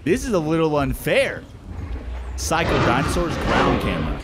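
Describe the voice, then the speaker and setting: A young man giving excited let's-play commentary, swearing and exclaiming often. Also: a little high, normal speed, heavy background noise. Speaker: gameplay commentator.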